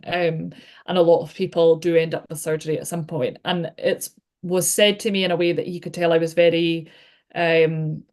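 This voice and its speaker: Scottish woman in her thirties, chatty, loads of "like", voice on the low side. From Scotland. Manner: chatty, full of likes and you-knows. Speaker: podcast guest. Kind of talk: casual chat.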